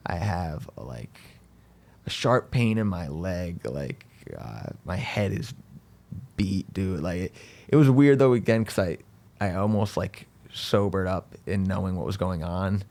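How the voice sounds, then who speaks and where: A man tells a rambling, self-deprecating story as a comedian guest on a podcast, filling his talk with "like" and "dude". His voice sits very low and has a gravelly crackle. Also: expressive, measured pace, darkish tone.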